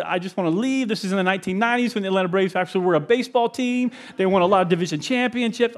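A middle-aged pastor delivers a sermon in a high, light voice. He tells stories with animation, chuckling and asking the congregation questions as he goes.

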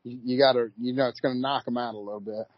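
A man's voice: medium pitch, racing. Kentucky-twanged man, folksy storyteller. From Louisville, Kentucky. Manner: relaxed storyteller, folksy, repeats words. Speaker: racehorse trainer. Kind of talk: casual interview chat. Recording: dull lo-fi audio, dry.

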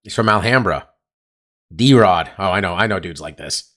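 A man co-hosting a California podcast speaks low and at a moderate pace, with long pauses and a slightly bright tone. He's casual and rambly, cursing a lot and using many fillers.

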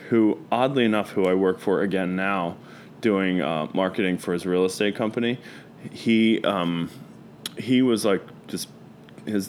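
Rambling, low-voiced man with faint hiss. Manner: rambling storyteller, loose and profane, many fillers. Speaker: guest. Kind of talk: casual chat.

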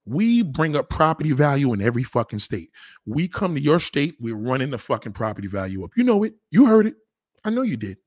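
A New York City man with a local accent gives a casual monologue full of swearing, animated, with impressions of other people. His mid-range voice moves fairly quickly, in studio quality with no echo.

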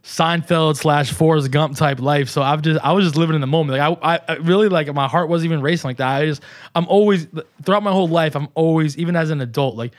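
A man in his thirties speaks with a New York accent, his voice sitting a little high for a man. He tells a personal story in a loose, animated way, swearing freely and slipping into the voices of the people he quotes. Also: fast talker. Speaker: podcast guest. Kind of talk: casual storytelling.

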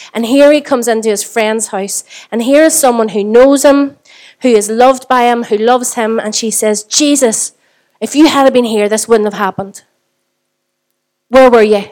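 A woman's voice: a little high, darkish tone. Northern Irish woman pastor preaching. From Northern Ireland. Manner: conversational, with frequent rhetorical questions to the congregation. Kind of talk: sermon.

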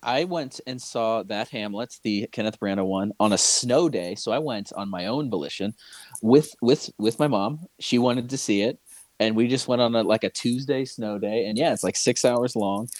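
A man's voice: medium pitch, normal speed, a little mellow, no echo. A man chatting casually on a podcast, rambling and hesitant with many fillers. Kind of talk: casual chat.

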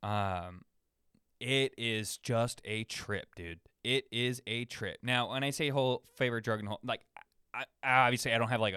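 Recording in his bedroom, a young male podcast host chats casually and loosely, using slang, frequent fillers, and restarts. His voice sits on the low side with a sharp, clean tone, and the audio is dry and studio-clean.

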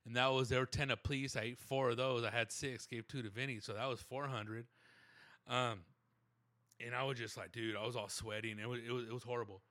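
A man's voice: mid-range voice, little pitch movement, a little fast, sharp tone, dry recording. A man telling a rambling, slangy, profane story, dropping into voices of the people in it. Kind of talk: casual storytelling monologue.

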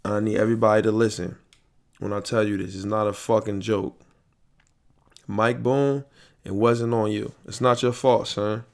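A man's voice: lowish voice, steady tone, moderate pace, vocal fry. A young man hosting a solo podcast, ranting angrily with profanity and repetition, recorded late at night into a mic. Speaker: podcast host. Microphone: headphones and studio mic.

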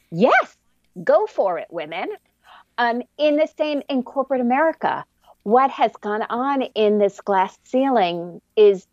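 A fairly high-voiced businesswoman answers earnestly, acting out the voices in her stories. The recording sounds dull and lo-fi, dry with no room echo. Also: a little mellow. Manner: earnest, storytelling, acts out quotes. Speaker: guest, businesswoman. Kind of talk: interview answers.

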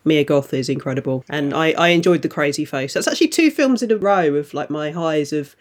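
A man's voice: on the high side, lively intonation, brisk. A man chatting enthusiastically as a podcast co-host. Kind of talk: casual chat.

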